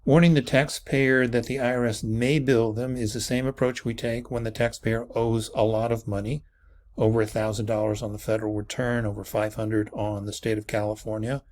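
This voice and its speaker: A man with a mid-pitched voice explains tax rules in a recorded training walkthrough. He moves methodically through each point, stopping to correct a word now and then. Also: little pitch movement, fairly quick, a little mellow.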